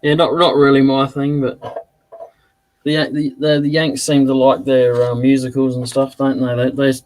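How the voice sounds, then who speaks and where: A man's voice: mid-range voice, completely flat delivery, normal speed, darkish tone, poor audio. An Australian man hosting a woodworking livestream, chatting casually and rambling with fillers while he works. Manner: laid-back, rambling with fillers. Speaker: woodturning livestream host. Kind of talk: casual chat while working. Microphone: desk mic, caller heard on speakers.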